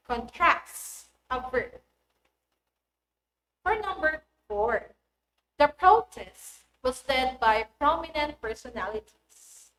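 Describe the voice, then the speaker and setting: A woman teaching an online English lesson, speaking in a clear and deliberate instructive manner. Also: sits high. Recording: echoey room with faint noise.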